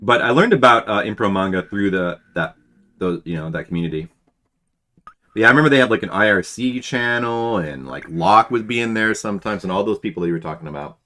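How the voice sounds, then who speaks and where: Brisk and forceful, a man in his forties speaks with lively intonation and a bright, lowish voice while drawing on a patron stream. The webcomic artist rambles through memories and chat replies, restarting often, as faint music plays.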